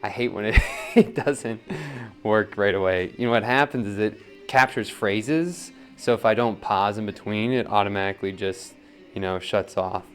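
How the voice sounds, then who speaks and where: A young man casually teaching wheel throwing, coaching in a relaxed way and often checking in with "right?". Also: fairly low pitch, normal speed, faint music behind. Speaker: pottery teacher.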